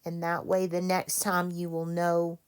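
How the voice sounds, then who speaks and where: A woman teacher leading a reading lesson for children, patient and quick to correct herself. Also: on the low side, monotone, clear, resonant tone. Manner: slow, patient, self-correcting.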